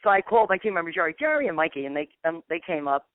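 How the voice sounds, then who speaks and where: Racing through a long story with big pitch swings, a paranormal investigator with a lowish voice rambles in a phone interview. She acts out the dialogue with "I'm like," and the tinny phone line sounds dry.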